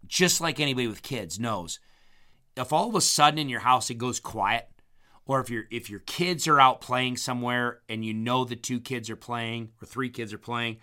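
In a casual chat, a man tells a meandering story, his voice strained from injured vocal cords, and he keeps clearing his throat. His voice sits in the mid range with a sharp tone.

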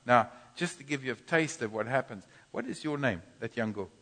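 A man preaching a sermon in a church, teaching from scripture with animated bursts of loud groaning. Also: mid-range voice, a little fast. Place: church hall. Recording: long church reverb.

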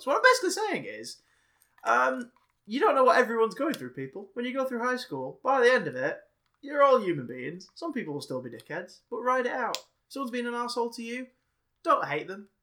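A man's voice: high-pitched, sing-song, fast, bright, forceful tone. A man co-hosting a casual podcast, rambling along and swearing offhandedly. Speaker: podcast co-host.

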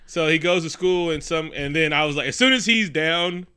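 A man's voice: a little high, moderate pace, smooth. A man in a casual chat, animatedly recapping a movie with lots of swearing and acted-out voices. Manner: animated, profane, storytelling with voices.

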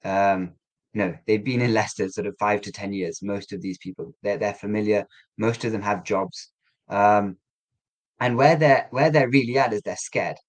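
Interview guest, man, lowish voice, measured and halting with many restarts. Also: low-quality recording. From England. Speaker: guest, community coordinator. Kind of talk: conversational interview.

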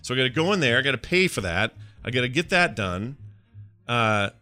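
Podcast co-host, male, bright voice, exasperated comic ranter. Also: mid-range voice, sing-song, fairly quick, no echo. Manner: exasperated ranting, joking. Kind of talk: casual chat.

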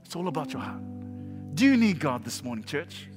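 Pastor guy preaching, high voice, goofs around then shouts, echoey church hall, soft music behind. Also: brisk. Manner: animated, jokey preaching with sudden shouts and quiet drops. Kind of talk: sermon.

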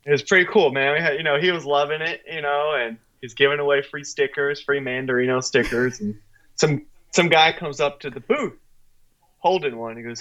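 Excitable young man telling stories. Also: fairly high pitch, fairly quick, lo-fi sound. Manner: animated storyteller, acts out quotes, laughs often, swears. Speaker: podcast co-host. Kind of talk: casual chat, storytelling.

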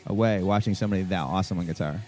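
Deep and darkish in tone, this man's voice comes out very fast as he co-hosts a podcast. He meanders through a story in relaxed conversation, laughing readily, while faint rock music plays in the background.

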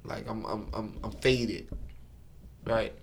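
A man's voice: lowish voice, takes it slowly, creaky, slight background noise. A tipsy man who is a guest on a podcast, casually telling a boastful, slang-heavy story.

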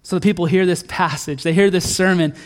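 Earnest high-voiced man, middle-aged, church sermon, swings between emphatic and quiet. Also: steady tone, a little fast. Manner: earnest, builds to emphatic peaks then drops soft and low. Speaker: pastor.

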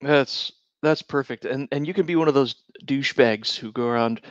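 A man co-hosting a casual chat, making dry jokes and laughing loudly. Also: medium pitch, moderate pace, no room sound. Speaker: podcast co-host. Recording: dry, dull lo-fi sound.

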